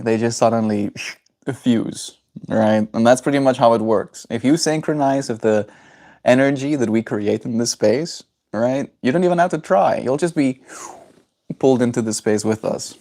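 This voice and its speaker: A man's voice: mid-range voice, normal speed, warm tone. A man from South Africa chatting casually on a livestream, rambling and answering chat messages aloud.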